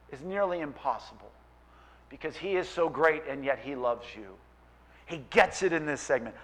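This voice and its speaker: A man preaching a sermon with a high voice that swings widely up and down. He is playful and animated, slipping into quick acted-out voices of people and biblical figures. His delivery moves between jokes and serious appeals. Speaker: pastor.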